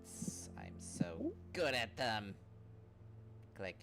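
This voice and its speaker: A man at a tabletop game drops short, offhand remarks. His voice is low and slow. Faint music sits behind. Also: wildly swooping pitch, gravelly, a bit bright. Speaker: player.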